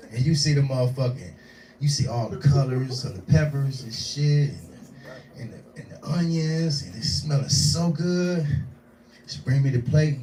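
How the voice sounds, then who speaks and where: A man in his forties doing live stand-up, telling a profane, animated story and acting out the voices in it. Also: mid-range voice, measured pace, a little hiss or hum. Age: 40s. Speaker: stand-up comedian. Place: small live venue. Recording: echoey room, distant mic.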